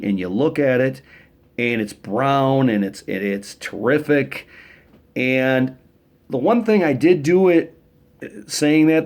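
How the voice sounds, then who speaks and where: A man's voice: medium pitch, a little mellow. A man talking to camera in a casual weekly vlog, chatty and jokey, rambling through stories with frequent restarts. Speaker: vlogger.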